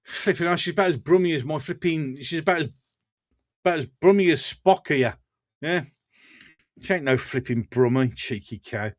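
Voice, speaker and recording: A man's voice: a little high, normal speed. Blunt Birmingham man on a live stream. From England. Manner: blunt, ranting, laughs often between remarks. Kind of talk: casual live-stream chat reading viewer comments.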